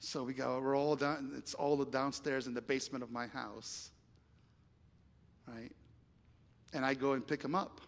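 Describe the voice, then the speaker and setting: In a church sanctuary with long reverb, a male pastor preaches a sermon, telling a story and acting out its dialogue before building to emphatic appeals. His medium-pitched voice has little pitch movement, normal speed, and long pauses.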